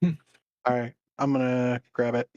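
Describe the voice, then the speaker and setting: A man's voice: mid-range voice, little pitch movement, unhurried, a little mellow, no echo, muffled recording. A man playing in a tabletop game, talking in a hesitant, questioning way. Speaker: player. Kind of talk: casual tabletop play.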